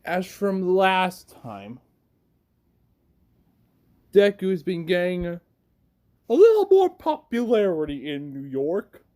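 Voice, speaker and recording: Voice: medium pitch, big pitch swings, slow pace, long pauses, mellow. A young adult fan narrator casually telling a story, chatty and laughing at their own tale.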